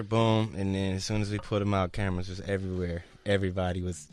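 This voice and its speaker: A man's voice: sits low, level tone, fast. A man as a radio show guest, talking in laid-back, rambling slang about his week. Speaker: guest singer. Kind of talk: casual chat.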